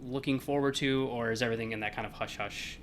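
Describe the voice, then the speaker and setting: A man interviewing a guest in a relaxed way, agreeing often. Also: medium pitch, fast, slight background noise. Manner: laid-back, affirming, frequent yeahs. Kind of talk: casual interview chat.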